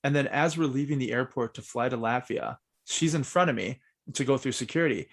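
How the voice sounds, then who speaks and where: A man hosting a podcast, telling stories in a loose, animated way and swearing a lot. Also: medium pitch, a little fast. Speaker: podcast host. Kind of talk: casual chat.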